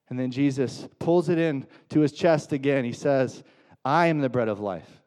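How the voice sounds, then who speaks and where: A man's voice: a little high, normal speed, hardly any pauses, a little mellow. A man pastor giving a conversational sermon, asking rhetorical questions and acting out quoted voices.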